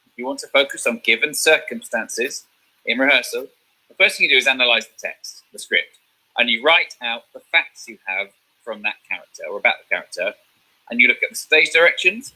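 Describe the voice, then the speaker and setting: Bright, husky-voiced male teacher. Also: mid-range voice, poor audio. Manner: explains step by step, checks in with "okay?". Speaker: drama teacher. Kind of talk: online revision lesson.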